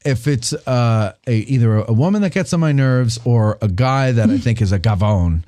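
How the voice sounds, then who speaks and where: A man's voice: medium pitch, normal speed, no room sound. A man hosting a casual talk show, teasing his guests and joking around. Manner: animated, teasing, plays soundboard clips. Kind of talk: casual studio chat.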